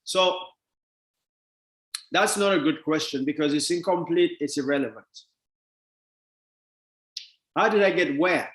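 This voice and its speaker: A man giving a motivational business talk. He laughs often, bursts into exasperated shouts, then drops to low mumbles. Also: moderate pace. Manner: excitable, laughing, exasperated, acts out questions, mixes shouting and mumbling. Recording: roomy echo.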